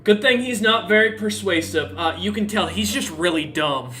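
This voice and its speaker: A male dungeon master narrating a tabletop game in a relaxed, chatty way, full of fillers and laughter. His voice sits a bit high and sounds bright and forceful. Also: normal speed. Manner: casual, laughing often, many fillers.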